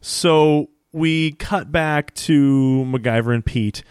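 A man's voice: on the high side, slow, clear, resonant tone, no room sound, studio quality. A man co-hosting a casual podcast, recapping a TV episode with laughs and acted-out lines. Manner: animated, laughing, acts out characters' lines. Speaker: podcast co-host.

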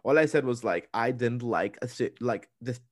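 A young man co-hosting a podcast, chatting in a lively way, acting out what people said and restarting his sentences. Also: medium pitch, normal speed, dry recording, studio quality. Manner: animated storytelling, acting out quotes with restarts. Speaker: podcast co-host. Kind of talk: casual interview chat.

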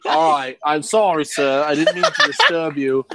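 A man's voice: fairly high pitch, normal speed, very noisy, lightly acted. A man voicing a fake polite delivery courier in a put-on British accent, stammering over-polite excuses. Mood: bluffing.

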